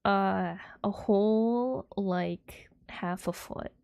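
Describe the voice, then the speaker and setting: Young woman chatting on stream, soft airy voice, giggles a lot, kinda fry-ish, dry sound. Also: medium pitch, extremely slow, no room sound. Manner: rambling with many fillers. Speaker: livestreamer. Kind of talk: casual chat with viewers.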